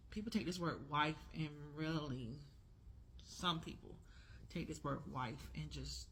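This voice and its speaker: A woman's voice: low voice, normal speed, slight background noise. A woman in her forties speaking in a casual opinion vlog, talking emphatically and repeating her key words. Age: 40s. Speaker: vlogger.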